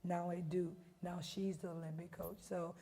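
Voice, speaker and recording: A woman in her fifties speaks as a head coach in an interview. Her voice is low, dark and gravelly. She tells stories emphatically and with animation. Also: little pitch movement, normal speed. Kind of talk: storytelling interview.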